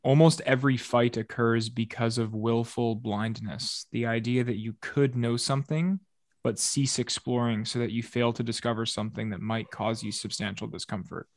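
A man's voice: medium pitch, fairly even intonation, moderate pace. Reflective man reading notes on a podcast. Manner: reflective, reads notes aloud. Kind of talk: casual podcast conversation.

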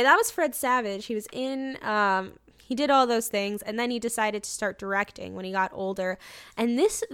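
High-voiced rambling woman, dry sound. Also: fairly bright tone, clear, resonant tone, dry recording. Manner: rambling, filler-heavy, swears casually. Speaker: podcast co-host. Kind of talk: casual chat.

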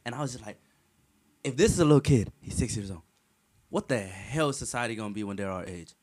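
A young man in casual conversation, animated and slangy, swearing freely. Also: on the low side, fast talker. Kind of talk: casual chat.

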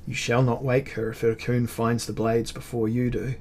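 A man's voice: medium pitch, flat delivery, moderate pace, darkish tone, a little hiss or hum, natural voice. A man reading aloud and voicing a scheming, cryptic male chaos god in a fantasy story.

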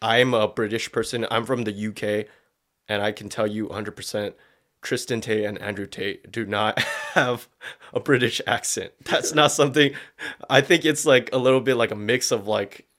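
A man's voice: on the low side, fairly even intonation, moderate pace, a bit bright. A young man chatting casually as co-host, rambling, swearing freely and laughing often. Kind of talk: casual reaction chat.

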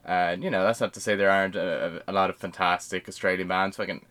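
A man's voice: low-pitched, steady tone, fast, fairly bright tone. A man co-hosting a podcast in casual chat, rambling and swearing freely with lots of fillers and restarts. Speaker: podcast co-host.

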